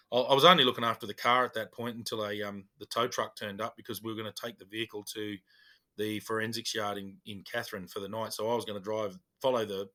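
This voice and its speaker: An Australian man, a police officer co-hosting a podcast, telling stories in a casual, animated way and acting out the dialogue. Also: on the low side. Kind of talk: casual storytelling chat.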